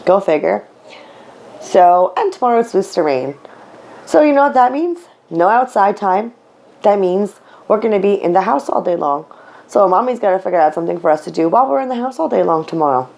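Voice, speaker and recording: A woman's voice: medium pitch, lively intonation, fairly quick, vocal fry, a little mellow. A woman vlogging to camera at home as a stay-at-home mother, talking candidly and rambling with fillers and casual swearing, tearful at times. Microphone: camera mic.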